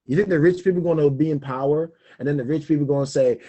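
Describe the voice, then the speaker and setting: Animated, husky-voiced man hosting a money show. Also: a little high, fast, few pauses. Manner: animated, laughs often, emphatic repetition. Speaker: finance show host. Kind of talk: casual solo talk on money.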